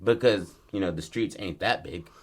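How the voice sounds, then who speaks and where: A man with a fairly low voice pitches a story in relaxed podcast chat. He talks loosely and swears freely, and he drops into quick character lines as he goes. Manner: laid-back, profane, acts out lines in his story. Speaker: podcast co-host.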